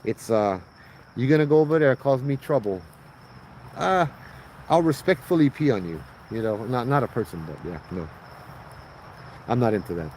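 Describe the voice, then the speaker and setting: A man's voice: medium pitch, lively intonation, moderate pace, pauses often, darkish tone, slight background noise, rough recording. A man with a Hawaiian Pidgin accent, from Hawaii, telling ghost stories in a loose, laughing, slangy way outdoors at night by a road. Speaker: ghost story host. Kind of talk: casual storytelling livestream.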